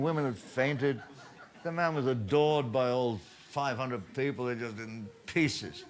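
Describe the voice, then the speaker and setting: A man, a comedian telling anecdotes on stage in lively storytelling punctuated by laughter. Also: medium pitch, unhurried, crowd noise.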